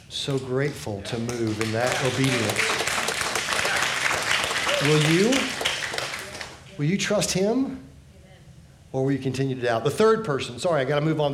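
A man preaching a sermon with earnest delivery, often dropping low and soft at the ends of phrases. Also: echoey room, a little hiss or hum. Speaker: pastor.

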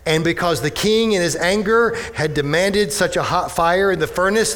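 A male pastor preaching a sermon, animated, with many rhetorical questions to the congregation. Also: a little high. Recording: echoey hall with long reverb.

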